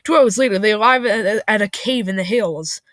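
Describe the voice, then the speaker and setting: A man's voice: high voice, brisk, a bit bright, no echo. A man hosting a casual, comedic read-aloud of a story, in a playful, stumbling way. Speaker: host reading an AI story aloud.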